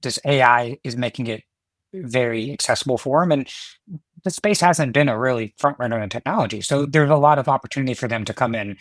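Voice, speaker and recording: A man with a mid-range voice speaks as an executive guest on a podcast. He explains in a steady, conversational way and often checks in with a quick "right?". The recording is dry and close. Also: mid-range voice, dry recording. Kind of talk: podcast interview.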